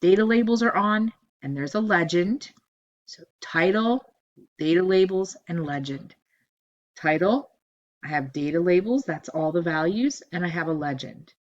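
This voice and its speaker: A woman teaching a spreadsheet lesson over a screen recording, giving steady step-by-step instructions and repeating cell ranges as she goes. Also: lowish voice, measured pace, muffled recording. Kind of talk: screen-recorded software tutorial.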